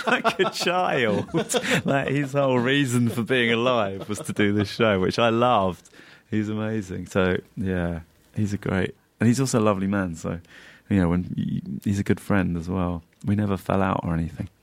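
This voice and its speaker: A man's voice: lowish voice, vocal fry. A man, a comedian in an interview, telling rambling anecdotes casually, laughing along and acting out the lines he quotes.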